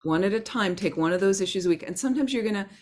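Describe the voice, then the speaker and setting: A woman teaching a Buddhist class in a gentle, conversational way, acting out her inner thoughts as examples. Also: medium pitch, very fast. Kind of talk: Dharma talk to a class.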